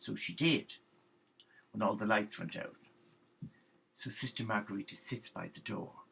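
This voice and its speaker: A man telling a comic story in a gossipy, animated way. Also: fairly low pitch, unhurried, creaky, long pauses, a little hiss or hum, poor audio.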